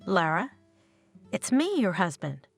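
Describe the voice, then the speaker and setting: A woman's voice: fairly low pitch, very animated, slow, creaky, slightly rough, full character voice. A woman narrator voicing a shocked, grieving widower who pleads with a stranger, with faint guitar music behind. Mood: pleading. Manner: pleading, bewildered.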